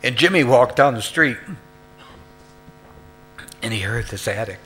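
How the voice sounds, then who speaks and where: Bright-voiced man telling a story. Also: mid-range voice, lively intonation, measured pace, a little hiss or hum. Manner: emphatic, rising to loud peaks. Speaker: speaker at a recovery meeting. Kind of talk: personal storytelling share.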